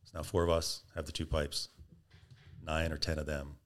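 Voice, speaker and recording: A man's voice: rumbling low, normal speed. A man guest on a podcast, casually telling a story and acting out quotes with energy. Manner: animated storyteller, acts out quotes.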